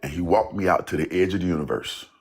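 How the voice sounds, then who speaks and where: Deep husky man telling a wild story. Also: quick pace. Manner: animated, laughing, swearing, acting out quotes. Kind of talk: casual storytelling.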